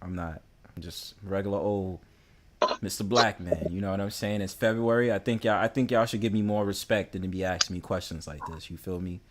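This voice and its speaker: A man's voice: low-pitched, fairly quick, slight background noise. A man with a New York accent hosting a casual livestream panel, teasing and bantering as he talks. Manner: bantering, repeats "you know what I'm saying".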